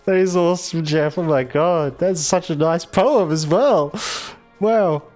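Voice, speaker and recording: Slow-talking Australian man streaming a game. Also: fairly high pitch, a little mellow, faint music behind. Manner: chatty and giggly, reads verse dramatically. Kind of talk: casual livestream chat, reading viewer messages aloud.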